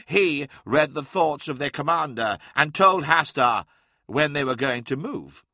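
A man voicing a calm, proud male warrior-mentor who speaks in a measured, instructive way. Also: fairly high pitch, dry recording, clean studio sound, pitched above the performer's own voice, exaggerated voice. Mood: commanding.

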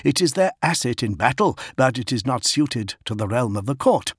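A man's voice: mid-range voice, very animated, moderate pace, husky, no room sound, clean studio sound. A man voicing an earnest male adviser who speaks in an urgent, pleading way.

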